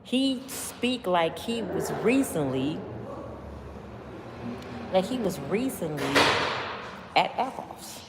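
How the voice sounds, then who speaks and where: A woman's voice: fairly low pitch, sing-song, extremely slow, long pauses, big-room sound, very noisy. A woman giving opinionated commentary on celebrity news, emphatic and preachy, with constant rhetorical questions to her viewers. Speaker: commentary vlogger.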